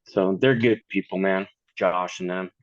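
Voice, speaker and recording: A man's voice: deep voice, steady tone, measured pace, no room sound, muffled recording. A man in his thirties, a podcast guest, chatting casually in a blunt, profane way and laughing often. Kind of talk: casual chat.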